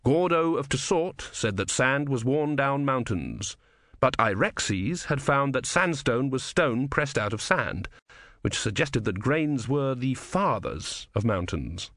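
A man narrating a comic fantasy novel in a wry, measured storytelling manner. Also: mid-range voice, lively intonation, fairly bright tone, no echo, clean studio sound. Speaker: audiobook narrator. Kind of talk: scripted narration.

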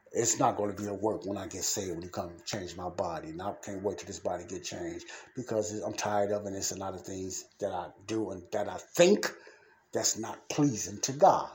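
A man hosting his own podcast, talking in a fervent, repetitive way that moves between heated ranting and quiet, earnest preaching. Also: fairly low pitch, slight background noise. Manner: fervent, repetitive, shifts from ranting to soft pleading. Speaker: podcast host. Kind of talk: casual preaching monologue.

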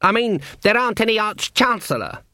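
An earnest young wizard, as a male narrator puts him on, pitched high and eager, quick to get exasperated. His voice leaps around and sits close and dry. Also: very animated, pushed and bright, dry recording, full character voice.

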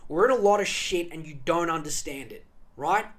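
A man's voice: on the high side, expressive, moderate pace, fairly bright tone. An Australian man hosting a podcast, ranting angrily and sarcastically with heavy profanity. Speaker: podcast host. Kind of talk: ranting monologue.

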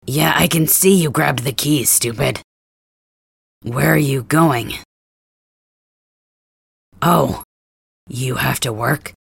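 Man as a blunt, grumbling young male cat hybrid for an ASMR role-play; slow delivery, husky, dry and close. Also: mid-range voice, dry recording, exaggerated voice. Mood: gruff teasing.

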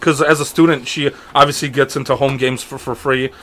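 A man's voice: mid-range voice, fairly even intonation, fairly quick, bright, forceful tone, a little hiss or hum. A young man as a podcast guest in casual chat, laid-back and hesitant, trailing off with fillers.

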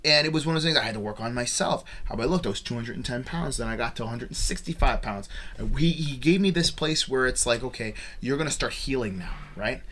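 A man's voice: mid-range voice, lively intonation, fast talker, a bit bright. A man hosting a casual podcast chat, talking earnestly about faith and healing. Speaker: podcast host.

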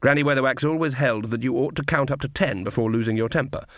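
A man reading an audiobook in a measured, wry storytelling manner. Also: mid-range voice, fairly bright tone, no room sound, studio quality. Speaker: audiobook narrator. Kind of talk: scripted narration.

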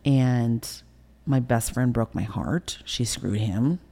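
Brief: middle-aged woman guest, gravelly and dark-toned, emotional halting recollection. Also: extremely low pitch. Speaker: interview guest. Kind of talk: candid personal storytelling.

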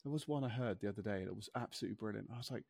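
A man's voice: on the low side, racing, creaky, darkish tone, no echo. Chatty man on a dry mic. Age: 30s. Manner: chatty, looks things up and reads them out, laughs often. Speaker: podcast co-host. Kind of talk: casual chat.

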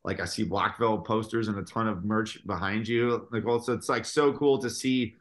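A man, a guest musician on a podcast, telling stories in an animated, casual way, with lots of filler words. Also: fairly low pitch, normal speed. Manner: animated storytelling, full of fillers.

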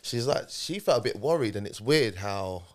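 A man's voice: on the low side, moderate pace. A man, a podcast guest telling a personal story in conversation, animatedly acting out what people said. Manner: animated retelling, acting out quoted speech.

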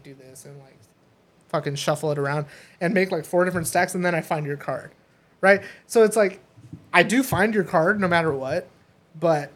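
A young man co-hosting a casual podcast, telling stories in an animated way, laughing often and acting out the voices of the people in them. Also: fairly high pitch. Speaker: podcast co-host. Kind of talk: casual chat.

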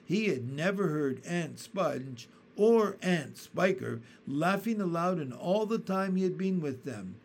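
A man narrating a children's storybook aloud in a gentle, expressive way. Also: a little high, a little slow, few pauses. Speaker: reader.

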